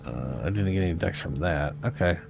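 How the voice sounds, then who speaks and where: Low-voiced man ranting while gaming. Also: brisk, creaky. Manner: profane, ranting, self-correcting. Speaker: streamer. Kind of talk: casual gameplay commentary.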